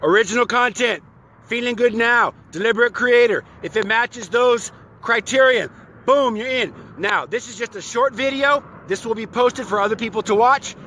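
A high, bright-voiced man chatting live to his online followers. He rambles with many restarts, greets viewers by name and bursts into playful enthusiasm. His tone stays exuberant throughout. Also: normal speed, slight background noise. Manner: exuberant, playful, breaks into silly songs and laughter. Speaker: online community host. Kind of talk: live-stream chat to followers with sung bits.

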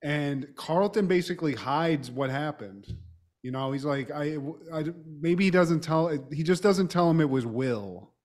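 A slightly high-voiced man recapping casually. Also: a little slow. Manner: relaxed storytelling, quoting characters, mild swearing. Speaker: podcast co-host. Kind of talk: casual chat recapping a TV episode.

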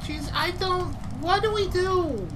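High-pitched teasing woman, noisy recording. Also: slow pace. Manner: teasing, dry jokes. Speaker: co-host watching the player. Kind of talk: let's play commentary.

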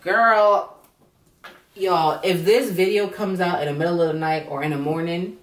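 A woman's voice: fairly low pitch, steady tone, fairly quick, a little mellow. A woman recapping a reality show in blunt, profane casual commentary, sounding tired and drowsy. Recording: roomy echo, voice far from mic.

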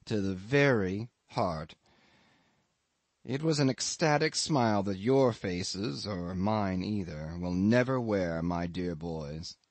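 A man narrating a classic novel as an audiobook in a measured, reflective storytelling manner. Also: on the low side, no echo. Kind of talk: scripted literary narration.

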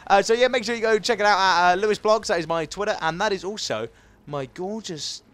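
A man's voice: sits high, fairly quick, a bit bright. A man giving live gameplay commentary as a gaming video host, swinging between frustrated outbursts and muttered asides.

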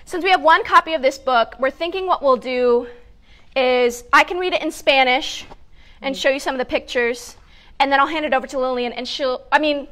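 A high-pitched woman leads a children's story time with bouncy, encouraging energy. She laughs easily and cheers the kids along while sitting on the floor, her voice caught close on a clip-on mic. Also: normal speed, fairly bright tone. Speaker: family educator hosting children's story time. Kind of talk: upbeat instructions for young children. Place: sitting on a hard floor indoors. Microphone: clip-on mic with wires.

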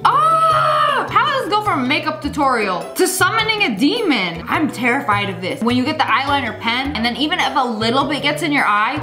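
A woman's voice: high voice, echoey room. A young woman doing slangy, joking commentary as she reacts to funny clips. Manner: animated, joking, slangy with frequent laughs. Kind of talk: casual comedic commentary.

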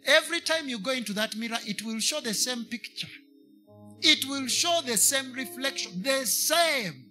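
A man's voice: extremely high pitch, expressive, normal speed, sharp tone, soft background music. A man with a Kenyan English accent preaching a sermon to a congregation, slipping into Swahili and repeating lines for emphasis.

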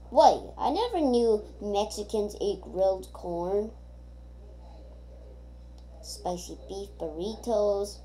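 A woman's voice: medium pitch, normal speed, dark tone, slight background noise. A woman giving casual gameplay commentary, rambling and thinking aloud with many hesitations. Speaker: gamer.

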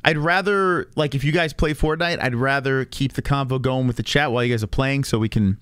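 A man's voice: medium pitch, fairly quick, fairly bright tone, clear, resonant tone, no room sound. A man in his thirties hosting a casual livestream chat, rambling with fillers and restarts and swearing freely. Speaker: streamer host.

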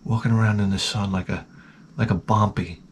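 A man hosting a comedy podcast, telling crude stories in a rambling, profane, deadpan way. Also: lowish voice, fairly quick, a little hiss or hum. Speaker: podcast host.

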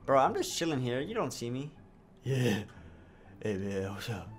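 Animated young man, swearing gamer. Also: mid-range voice, moderate pace. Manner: loud swearing outbursts and joking asides. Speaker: gaming YouTuber. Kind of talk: comedic gameplay commentary.

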